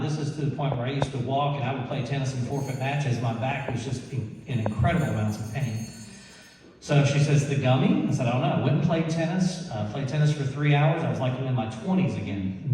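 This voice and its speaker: A man telling a lively personal story to an audience, laughing and acting out the people he quotes. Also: mid-range voice, slight background noise. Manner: animated, laughing storyteller who acts out quotes. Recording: echoey hall, mic far off.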